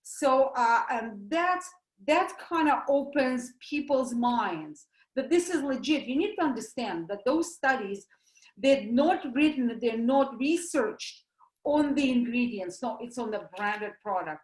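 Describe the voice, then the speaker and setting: A woman with a Russian accent gives a lively talk as a doctor, asking questions and answering them herself with homely comparisons. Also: on the high side, unhurried, echoey room, poor audio. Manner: animated, uses homely comparisons, asks and answers her own questions. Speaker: doctor promoting supplements.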